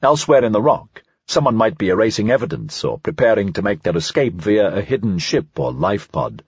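A man giving a scripted, evenly measured narration of an audiobook. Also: fairly low pitch, lively intonation, a little mellow, breathy edge, no room sound, muffled recording.

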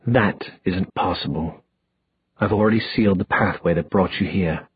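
A man voicing a cold, possessive young male villain from an audiobook, speaking in a slow, low and controlled way. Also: breathy edge, no room sound, dull audio.

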